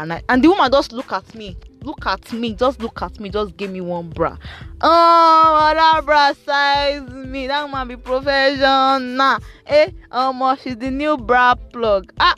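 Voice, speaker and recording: A young adult woman with a Nigerian accent and a mid-range, fairly bright voice vlogs from a car. She tells playful, casual stories about her week, slipping into Pidgin now and then.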